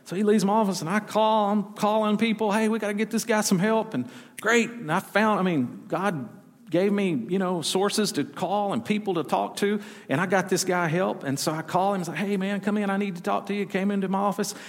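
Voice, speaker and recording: Southern preacher in a reverberant church. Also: male voice, high voice, a little fast. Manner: preachy, call-and-response, folksy storytelling. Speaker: pastor. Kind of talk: sermon. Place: church sanctuary. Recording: long reverb of a church hall.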